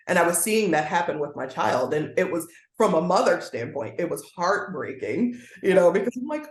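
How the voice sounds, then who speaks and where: A woman's voice: fairly low pitch, sing-song, normal speed, hardly any pauses. A woman guest educator speaking earnestly in a conversational interview, now and then acting out the voices she quotes. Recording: roomy echoey sound.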